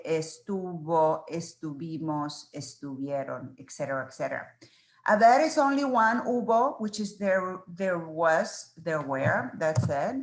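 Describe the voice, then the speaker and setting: Slow, patient woman teaching verbs. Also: fairly low pitch, echoey room. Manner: slow, patient, spells out verb forms one by one. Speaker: Spanish teacher. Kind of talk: exam review lecture.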